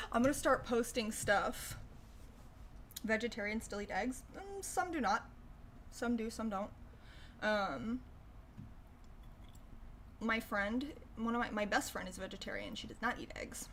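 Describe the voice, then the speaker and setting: A woman's voice: fairly high pitch, sing-song, unhurried, long pauses, fairly bright tone, slight background noise. A young woman hosting a casual livestream, chatting sarcastically with lots of profanity and laughter. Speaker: livestream host. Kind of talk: casual livestream chat reacting to news.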